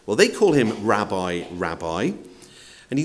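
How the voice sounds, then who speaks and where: A man's voice: fairly low pitch, expressive, a little slow, a bit bright. A man preaching a sermon in a conversational way, asking the congregation questions and acting out quotes. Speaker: pastor.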